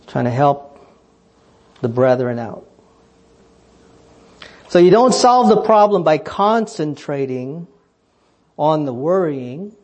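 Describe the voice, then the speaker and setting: A man preaching a sermon, asking pointed rhetorical questions and swinging between fervent high emphasis and quiet, low asides. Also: big pitch swings, takes it slowly, pauses often. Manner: emphatic, rhetorical questions, rising passionately then dropping low.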